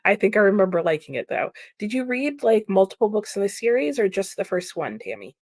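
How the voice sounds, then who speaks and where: A chatty woman hosts a relaxed livestream, talking back to her viewers in an easygoing, mid-pitched voice. She laughs often and leans on "like" and "um" as she thinks aloud. The sound is close and dry. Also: a little fast, no room sound. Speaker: livestream host reading chat comments. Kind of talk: casual live chat.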